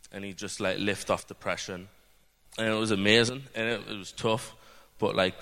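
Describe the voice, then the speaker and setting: A young man from the UK, with a low and fairly bright voice, gives an informal church testimony that's earnest, rambling, and full of fillers. The sound echoes with long hall reverb.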